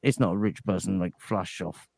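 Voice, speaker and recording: A man's voice: sits low, creaky, a little mellow, no room sound. Rambling English man, dry close sound. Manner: rambling, halting, many restarts. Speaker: podcast guest. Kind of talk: casual crude banter.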